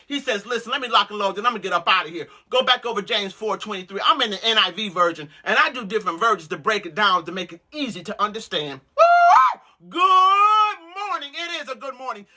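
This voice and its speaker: A woman host preaching to women with loud, exuberant energy, breaking into whoops and repeated calls to listen. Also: mid-range voice.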